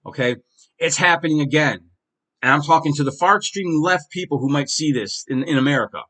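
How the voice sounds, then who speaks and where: A man's voice: medium pitch, fast, sharp tone. A man hosting his own podcast, delivering a heated, profane solo monologue with strong emphasis. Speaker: podcast host.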